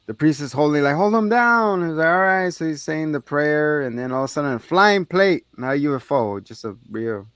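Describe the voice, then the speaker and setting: A podcast co-host with a somewhat high, slightly bright, smooth voice talks briskly with few pauses, and there's no room sound. He casually recaps a movie scene by scene, swearing freely and shouting out the characters' lines in a raised voice.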